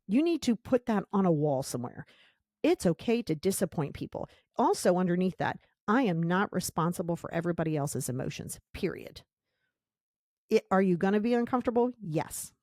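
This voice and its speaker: A woman's voice: fairly low pitch, very animated, brisk, a little mellow, dry recording, studio quality. Blunt, emphatic woman podcast host. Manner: blunt, emphatic, repeats key phrases. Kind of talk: motivational monologue.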